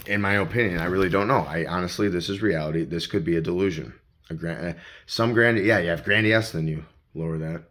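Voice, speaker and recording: Low-voiced man rambling to himself. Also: a little fast, a bit bright, a little hiss or hum. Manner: talks to himself in second person, profane. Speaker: vlogger. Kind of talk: rambling self-talk vlog. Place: around his home and garage. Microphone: handheld phone.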